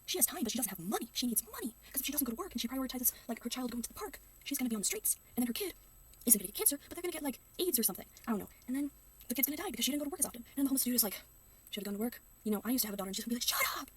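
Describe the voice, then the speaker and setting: A woman's voice: on the high side, expressive, racing, husky, far from the mic. A young woman reacting to a video in casual commentary, ranting sarcastically and slipping into mocking voices. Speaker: reaction youtuber.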